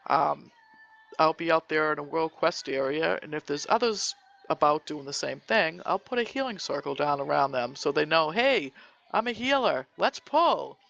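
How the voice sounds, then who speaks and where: Brief: gravelly, fairly high male voice reading tips with little hesitations; dull recording. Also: normal speed, a bit bright. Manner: friendly read with small hesitations. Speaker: podcast healing segment presenter. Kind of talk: scripted gaming tips segment.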